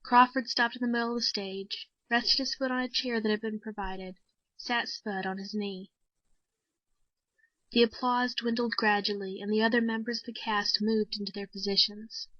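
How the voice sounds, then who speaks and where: Woman, story narration, measured and even, fairly high voice, dry, dull lo-fi recording. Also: dry recording. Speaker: story reader. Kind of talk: scripted narration.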